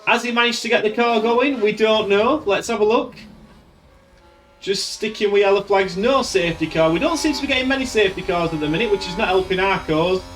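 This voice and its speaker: A man's voice: sits high, a little fast, fairly bright tone. A man commentating his racing management game in a casual, exasperated way. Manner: exasperated, running race commentary. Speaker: gaming video host. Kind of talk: casual let's-play commentary. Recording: distant mic with game music behind. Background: game music.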